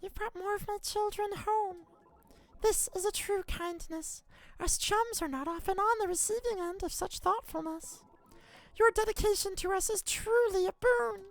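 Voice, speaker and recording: A man putting on a high, tender insect queen. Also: normal speed, creaky. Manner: soft, kindly, sentimental. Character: gentle motherly insect queen, female, grateful and tender. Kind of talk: reading game dialogue aloud in a voice.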